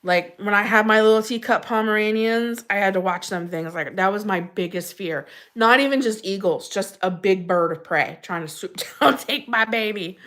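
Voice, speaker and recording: A woman's voice: medium pitch, fairly bright tone. Chatty woman greeting livestream viewers. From Pennsylvania. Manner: chatty, greets viewers by name, laughs often. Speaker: livestream host reading chat. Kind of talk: casual livestream chat.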